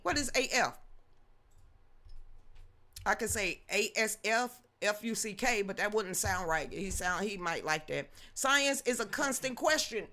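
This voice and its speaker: A woman's voice: a little high, big pitch swings, unhurried, sharp tone. A woman in her fifties hosting a news commentary livestream, reading chat and ranting emphatically in a rambling way.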